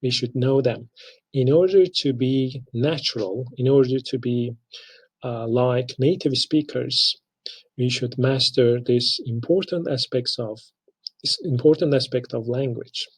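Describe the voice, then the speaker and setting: Slow, gravelly male teacher. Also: medium pitch, poor audio. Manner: slow, deliberate, spells out pronunciations. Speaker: English language instructor. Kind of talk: recorded lecture.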